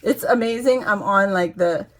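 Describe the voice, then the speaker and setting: A woman's voice: mid-range voice, normal speed. A woman vlogger chatting casually as she unboxes craft supplies, gushing and exclaiming often with frequent laughter. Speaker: craft vlogger opening a giveaway package. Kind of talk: excited casual unboxing chat.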